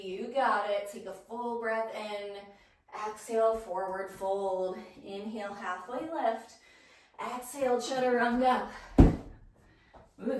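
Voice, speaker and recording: A woman leads a yoga flow, calling out breaths and poses at an unhurried pace with encouraging asides. She sounds a little out of breath as she moves. Her voice rings with heavy room echo and comes from a little way off the mic. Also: on the high side. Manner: encouraging, cueing each breath and pose. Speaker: yoga instructor. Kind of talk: guided yoga class cues. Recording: roomy echo, voice from a distance.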